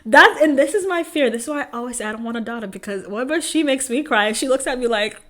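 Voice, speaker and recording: A woman in her twenties co-hosting a casual podcast chat, telling stories with lively acted-out quotes and frequent laughter. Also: high-pitched, fast talker. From family from Haiti. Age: 20s. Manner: animated storytelling, acts out her mom's lines, laughs often. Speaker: podcast co-host.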